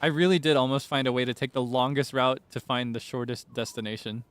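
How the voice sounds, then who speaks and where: A man giving casual, giggly livestream commentary while playing, talking through each step out loud. His voice sits at an ordinary pitch for a man. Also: fairly even intonation, a little fast, smooth, no echo. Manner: chatty, giggly, thinks out loud. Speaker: streamer.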